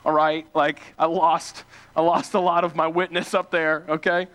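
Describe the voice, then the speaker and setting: Young male preacher from small-town Ohio, high voice, animated and filler-heavy storytelling. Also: normal speed, clean tone. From small-town Ohio, USA. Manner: animated, self-deprecating, many fillers and restarts. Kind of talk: casual storytelling sermon.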